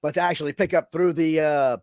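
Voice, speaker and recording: A man's voice: fairly high pitch, fairly even intonation, fairly quick, a little mellow, dry recording, clean studio sound. Laid-back man hosting a livestream. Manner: laid-back, chatty, addresses viewers as y'all. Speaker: livestream show host. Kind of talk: casual live-stream chat. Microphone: studio microphone with audio interface.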